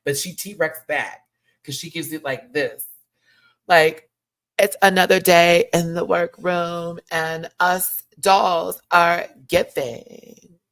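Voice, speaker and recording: A woman chatting in a live review of a show, animated and gushing, laughing often. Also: fairly low pitch, slow.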